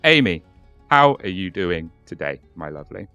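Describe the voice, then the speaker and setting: A man's voice: low-pitched, very animated, normal speed, sharp tone, smooth, no room sound, soft background music. A young man co-hosting a casual podcast, swearing and repeating words as he narrates a case. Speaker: podcast co-host.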